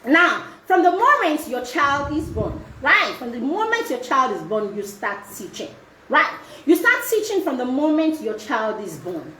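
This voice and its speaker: A woman's voice: high-pitched, big pitch swings, unhurried, pushed and bright, echoey room, slight background noise. A woman giving a live-streamed parenting talk as a mentor, repeating herself and checking in often with "okay?" and "right?". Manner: repetitive, checking in with frequent tag questions.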